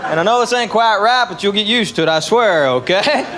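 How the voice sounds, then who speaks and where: A man's voice: sits high, animated, fairly quick. A man from Tennessee with a Southern drawl, doing a stand-up comedy set and acting out the dialogue in his stories. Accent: Southern US (East Tennessee). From Tennessee, USA. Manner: folksy drawling storyteller, acts out dialogue. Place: comedy club stage with live audience. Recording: live club recording, loud audience laughter and room noise.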